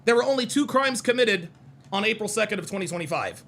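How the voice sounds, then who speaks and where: A young adult man hosts a heated call-in stream, answering chat with combative, mocking jabs and hammering the same points again and again. His voice sits high for a man, gravelly and forceful, and it swings widely in pitch. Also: animated, fast. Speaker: host of a call-in show.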